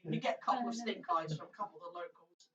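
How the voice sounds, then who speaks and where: A woman narrating a tabletop game as dungeon master in a casual, lively way. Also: on the low side, quick pace. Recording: distant muffled room recording.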